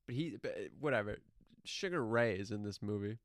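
A man rambles through a casual story, swearing and laughing along the way. His pitch swings widely and the sound is dry and close, with no room echo. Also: brisk. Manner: rambling, laughing, profane, animated.

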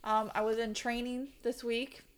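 A woman's voice: a little high, little pitch movement, moderate pace, crowd noise. A woman chatting casually as a podcast guest, telling about her week. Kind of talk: casual chat.

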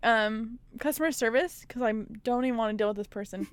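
A woman's voice: a little high, a little fast, smooth, no echo. A young woman co-hosting a podcast, telling a story in casual chat with earnest frustration. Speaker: podcast co-host.

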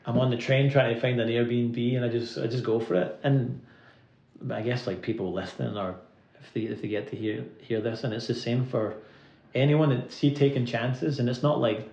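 A man's voice: mid-range voice, steady tone, creaky, a little mellow. A man with a Scottish accent, a guest musician telling rambling anecdotes in a casual interview, often laughing and filling his talk with "like". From Scotland. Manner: rambling anecdotes full of "like" fillers, quick to laugh. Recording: roomy, slightly dull recording.

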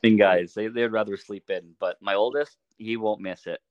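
A middle-aged man telling stories in a relaxed, casual way as a podcast guest, often laughing as he talks. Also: lowish voice, normal speed, dry recording, lo-fi sound. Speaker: podcast guest, archery shop owner. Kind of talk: casual storytelling.

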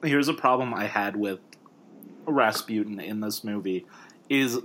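A man casually discussing movies, rambling with many fillers and frequent jumps up in pitch. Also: measured pace, a bit bright, slight background noise.

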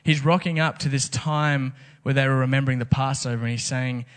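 Man, pastor, casual sermon, rhetorical questions, mid-pitched voice. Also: fairly even intonation, fairly quick, clear, resonant tone.

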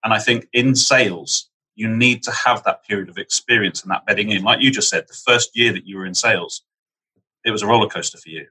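Husky low-voiced male podcast host. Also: fairly quick, bright, forceful tone, poor audio. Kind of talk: podcast interview.

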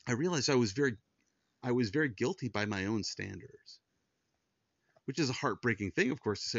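A man's voice: medium pitch, lively intonation, a little fast, pauses often, dry recording. A middle-aged man speaking in an earnest personal monologue as a Christian podcast host, often repeating words and restarting when moved. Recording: dull, dry lo-fi sound.

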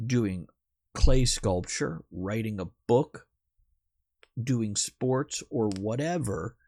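A man's voice: on the low side, vocal fry, mellow, dry recording, studio quality. A man hosting a podcast in casual, rambling chat who swears now and then. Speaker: podcast host.

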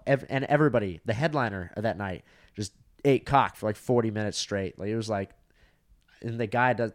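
A young man on a podcast telling rambling, profane stories in casual chat, full of fillers. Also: lowish voice. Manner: profane, rambling, lots of 'like'. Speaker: podcast co-host, comedian.

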